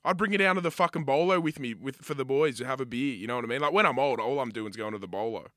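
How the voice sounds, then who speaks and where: A man's voice: mid-range voice, very fast, fairly bright tone, dry recording, clean studio sound. A young Australian man co-hosting a podcast, chatting casually and arguing his point with plenty of swearing. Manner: sweary, heated, emphatic. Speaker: podcast co-host. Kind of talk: casual chat.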